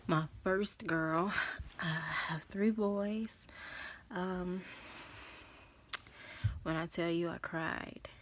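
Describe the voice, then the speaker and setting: A woman's voice: on the low side, fairly even intonation, drawn-out words, long pauses, a little hiss or hum. A pregnant woman vlogging casually and encouraging viewers in a preacherly way about faith.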